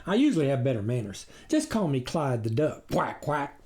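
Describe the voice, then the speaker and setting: A man's voice: medium pitch, sing-song, moderate pace, a little mellow. A man voicing a hairy male wolf who poses as a duck, overly polite and fumbling for excuses. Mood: fawning.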